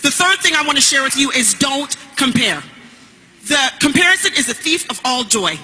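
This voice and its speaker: Woman on stage doing a pep talk, super bright sharp voice, punchy, gets shouty. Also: high voice, animated, normal speed, in a large hall, faint music behind, poor audio. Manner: emphatic, punchy, building to shouts. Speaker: network marketing speaker. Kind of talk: motivational stage speech.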